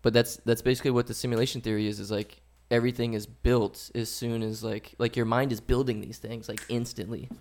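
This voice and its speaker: A man hosting a casual podcast, explaining an idea step by step with halting restarts. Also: medium pitch, little pitch movement, a little mellow. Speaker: podcast host. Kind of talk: casual chat.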